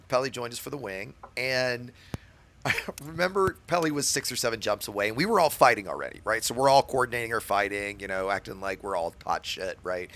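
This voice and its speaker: A man hosting a game stream, telling stories in casual chat, swearing freely and tagging his sentences with "right?". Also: medium pitch. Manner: animated storyteller, swears freely, many "right?" asides.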